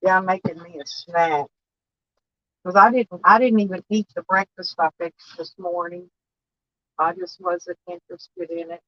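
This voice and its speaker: A woman's voice: fairly low pitch, fairly even intonation, normal speed, bright, forceful tone, no echo, dull audio. A woman chatting casually to her viewers from her van, folksy and blunt, swearing freely. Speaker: van life vlogger. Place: van or camper, indoors.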